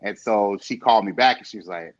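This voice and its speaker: A man in casual chat, telling an animated story full of quoted dialogue and laughter. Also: fairly low pitch, a little fast, highs cut off.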